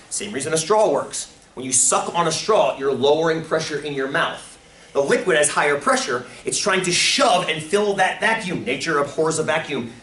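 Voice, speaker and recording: Excitable teacher with high, lively voice. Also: male voice. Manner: excitable, loud bursts of enthusiasm. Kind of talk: classroom lecture. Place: classroom. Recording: echoey classroom from far off.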